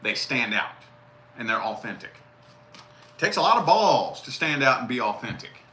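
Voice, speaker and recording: Blunt, bright-voiced male tarot reader. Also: mid-range voice, sing-song, moderate pace. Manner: blunt, profane, repeats key phrases. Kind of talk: casual live tarot reading. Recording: roomy echo with faint noise.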